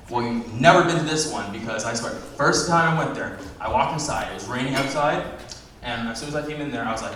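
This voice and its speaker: A young man telling animated stand-up stories on a comedy club stage. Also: medium pitch, fast, slight background noise. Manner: animated storytelling, acts out voices. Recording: distant, very echoey club room.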